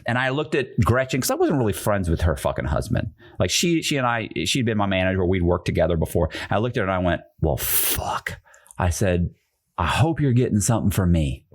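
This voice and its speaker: A man telling a story as a podcast guest, profane and animated, acting out the people he quotes. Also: deep voice, fast talker, hardly any pauses.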